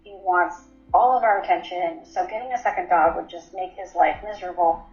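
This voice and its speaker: A woman's voice: fairly low pitch, a little fast, a little mellow. A woman in her twenties telling her personal story in an interview, candid and matter-of-fact, with frequent ums. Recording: roomy, slightly dull recording.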